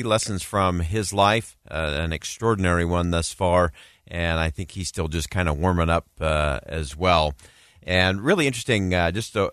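A man hosting a show, introducing clips in a relaxed manner with frequent fillers. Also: deep voice, no echo, studio quality. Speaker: host. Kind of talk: casual commentary.

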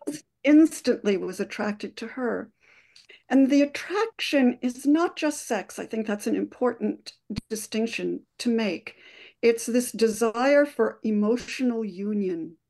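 A woman neuroscientist guest explaining love at first sight on a radio call-in show in a measured way. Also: a little high, lively intonation, vocal fry, a little mellow.

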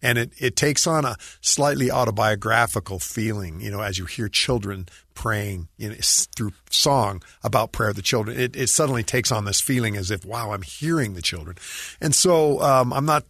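A man's voice: on the low side, normal speed, fairly bright tone, no echo, clean studio sound. A man, a musician guest, talking in an earnest, reflective, friendly way in a casual interview.

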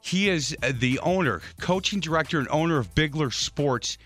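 A man hosting a sports radio talk show, chatty and fond of telling animated stories. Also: a little high, moderate pace, no room sound, soft background music. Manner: chatty storyteller, animated anecdotes.

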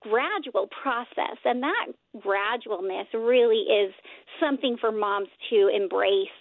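High squeaky woman on a phone line. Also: measured pace, no room sound. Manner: rambling, self-correcting, laughs often. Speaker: guest, nonprofit co-founder. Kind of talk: casual interview talk.

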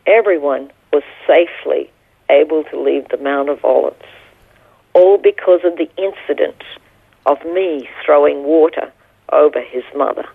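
A woman's voice: deep voice, a little slow, creaky, dry recording. A middle-aged woman, a guest, earnestly telling a personal story in an interview. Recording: tinny phone line.

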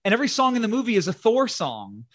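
A man's voice: high-pitched, wildly swooping pitch, fast talker, fairly bright tone. A man, a podcast guest, rambling casually about a movie and swearing freely.

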